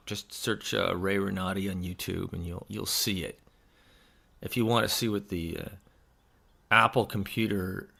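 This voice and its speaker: A man's voice: a little high, fairly bright tone. A man who is a stage actor, chatting in a casual vlog in a rambling, self-mocking way into a desk microphone.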